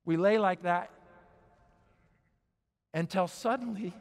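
A man preaching at a conference, telling a dramatic story and dropping to a hush at key moments. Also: high-pitched, moderate pace. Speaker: conference speaker. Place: large auditorium. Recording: long hall reverb.

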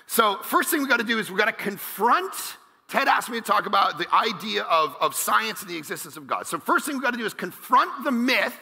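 Guy preaching a sermon, really high and sharp voice, jokey, shouts sometimes, big hall reverb. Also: a little fast, vocal fry, husky. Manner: energetic and joking, bursts into shouts. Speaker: pastor. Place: large church auditorium.

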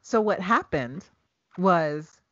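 Woman host, low voice, affirming, dry dull lo-fi recording. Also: animated, takes it slowly, a bit bright, no room sound. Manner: supportive, affirming, fills in details. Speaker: podcast host. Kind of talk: conversational interview.

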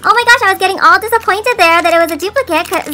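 A woman's voice: very high voice, racing, very noisy. A woman hosting a toy unboxing, gushing and gasping in a sing-song voice and cooing at the dolls. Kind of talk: excited toy unboxing chat. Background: background music.

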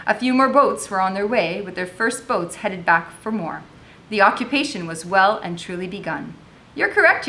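A woman's voice: mid-range voice, fairly bright tone, slight background noise. A woman teacher reading a novel aloud with commentary, raising her voice expressively for the dialogue.

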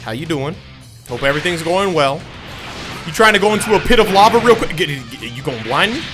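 Animated young man commentating a game. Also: fairly high pitch, a little fast. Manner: animated, joking, slangy. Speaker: gaming YouTuber. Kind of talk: casual gameplay commentary. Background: game music.

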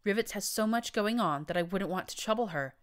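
A woman voicing a manipulative female pony leader with a smooth, purring way of talking, in an audiobook reading. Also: medium pitch, fairly quick, pitched above the performer's own voice, close to an everyday voice. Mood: smooth, scheming.

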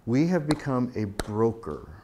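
A man's voice: mid-range voice, sing-song, a little slow, noisy background. A man speaking as a pastor, giving a conversational talk and acting out the quoted exchanges in his stories. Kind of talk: conference talk.

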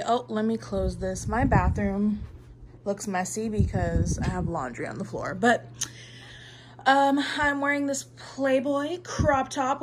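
A woman's voice: fairly high pitch, a little hiss or hum. A young adult woman vlogging casually to her phone camera, confiding and chatty, with many fillers. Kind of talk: casual vlog talk to camera.

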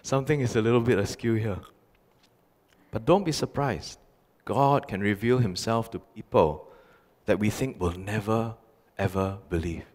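A man's voice: lowish voice, moderate pace, long pauses, a little mellow. A male pastor preaching a sermon, telling stories animatedly with emphatic repetition. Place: church sanctuary. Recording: long church reverb.

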